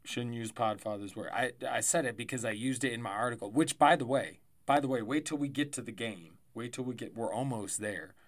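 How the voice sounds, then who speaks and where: Male solo podcast host, mid-pitch, loose and rambling, sounds tired. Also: fairly quick, hardly any pauses. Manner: rambling, chatty, self-correcting with asides and laughs. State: tired, yawning. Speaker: fantasy football podcast host. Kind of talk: casual solo sports podcast.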